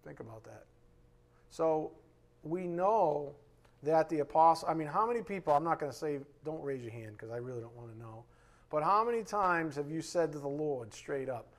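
A man with a slightly high voice gives a Bible lesson at a moderate pace. His tone is laid-back and conversational, and he frequently tosses a "right?" to his audience.

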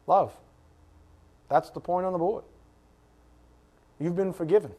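Animated preacher man, higher voice. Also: measured pace, breathy edge. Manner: animated, with rhetorical questions and sudden drops to a hush. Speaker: pastor. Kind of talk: sermon.

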